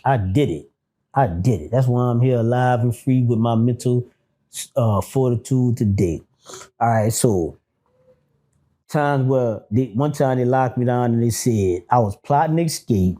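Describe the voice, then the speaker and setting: A man telling prison stories in a casual interview, animated and profane, acting out quotes. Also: mid-range voice, measured pace. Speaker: guest, former prisoner.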